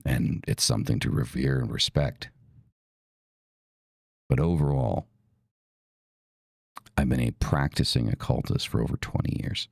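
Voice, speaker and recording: Casual podcast host, man, low and gravelly, emphatic and profane. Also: steady tone, unhurried, long pauses, no echo. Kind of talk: casual talk.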